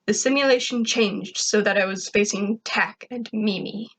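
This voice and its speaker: A woman reading fan fiction aloud in plain, even first-person narration. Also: mid-range voice, normal speed, hardly any pauses. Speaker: reader.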